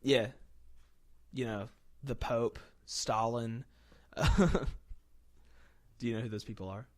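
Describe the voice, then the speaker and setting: A man's voice: mid-range voice, fairly even intonation, takes it slowly. A young man from West Virginia hosting a casual podcast chat, sarcastic and laughing often. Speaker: podcast host.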